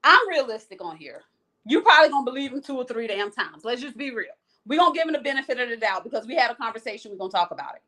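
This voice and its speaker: A woman hosts a casual livestream in a fairly high voice. She speaks frankly and with energy, right to her viewers, and reads out their comments as she goes. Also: very fast. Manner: frank, animated, talks straight to the viewers. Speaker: host of a live chat show.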